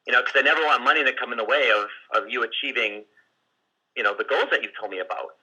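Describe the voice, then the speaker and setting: A man teaching sales on a group call, his voice strongly bright and sharp with a husky edge. He talks loosely, restarting sentences and leaning on fillers as he works through his points. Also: medium pitch, fast talker, poor audio. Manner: conversational, many restarts and fillers; acts out client and seller lines in quotes. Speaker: sales coach.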